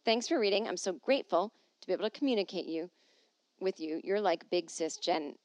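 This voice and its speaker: A woman's voice: on the low side, a little fast, a little mellow, no room sound. A middle-aged woman comedian hosting her podcast from home, chatting loosely and joking at her own expense while reading listener emails. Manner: rambling, self-deprecating, jokey asides.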